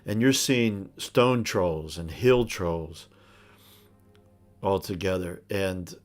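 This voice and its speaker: Male game master, unhurried and descriptive, deep voice. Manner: unhurried, descriptive, with some hesitations. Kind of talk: narrating a tabletop game.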